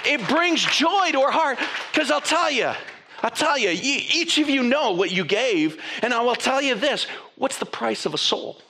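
A man preaching a sermon to his congregation, animated and conversational, with frequent restarts and asides. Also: very high-pitched, normal speed. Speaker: pastor.

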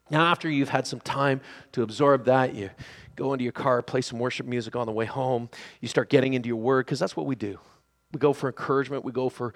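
A man preaching a sermon who swings between hushed, quiet passages and loud, excited shouting. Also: fairly high pitch, brisk.

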